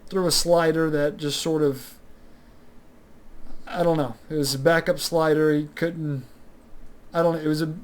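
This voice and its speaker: Rambling man recapping a baseball game. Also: a little high. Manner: rambling, many fillers like "sort of" and "uh". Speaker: sports recap host. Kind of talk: casual solo sports commentary.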